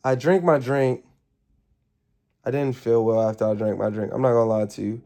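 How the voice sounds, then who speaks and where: A man telling a casual storytime on a live stream, rambling and animated as he talks straight to his viewers. He swears freely and sounds tired, with the odd yawn. His pitch sits right in the middle. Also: normal speed. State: tired, yawning.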